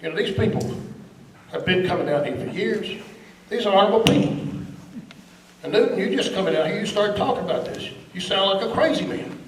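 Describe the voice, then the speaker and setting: A man's voice: high-pitched, animated, fairly quick, pauses often, background noise. Guy giving a fired-up talk at a meeting, sounds far off in an echoey room. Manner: indignant, emphatic, scornful. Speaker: guest speaker. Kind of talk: political meeting speech. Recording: echoey room, recorded from a distance.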